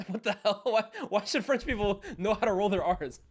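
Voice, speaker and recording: Young Canadian-born male streamer, slightly high voice, casual slangy watchalong banter, loud outbursts and quiet mutters. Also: moderate pace. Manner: casual slangy chatter, loud reactions then quiet asides. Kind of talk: live match watchalong commentary.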